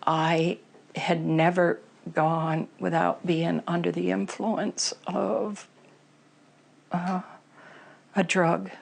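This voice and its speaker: A woman's voice: lowish voice, level tone, drawn-out words, creaky, long pauses. A middle-aged woman telling her personal recovery story in an interview, candid and emotional, with many fillers.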